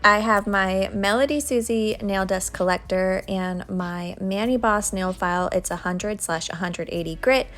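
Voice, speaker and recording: A woman's voice: mid-range voice, unhurried, few pauses, a bit bright. A young woman doing a casual nail tutorial voice-over, chatty and friendly, laughing now and then. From United States. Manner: chatty, laughs while telling stories.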